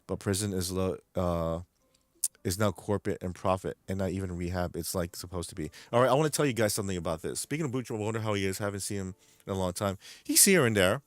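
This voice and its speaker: A man's voice: sits low, expressive, fast, no echo. Fired-up New York guy on a stream, swears a lot, dry close sound. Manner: angry, profane, repeats words. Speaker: livestream host. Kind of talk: ranting livestream chat. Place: home streaming room.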